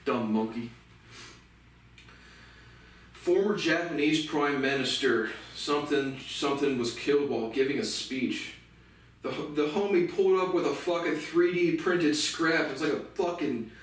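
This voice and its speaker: A man's voice: on the high side, expressive, a little slow. A man from the United States ranting alone in an angry, profane and rambling way. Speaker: vlogger. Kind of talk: solo ranting monologue. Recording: very echoey room, mic far off.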